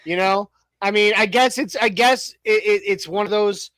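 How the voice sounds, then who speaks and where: This thirties-aged sports talk co-host has a high, slightly bright voice and talks at a normal speed. He rambles, restarting often, using lots of fillers, and tossing in jokes on a dry, low-quality recording.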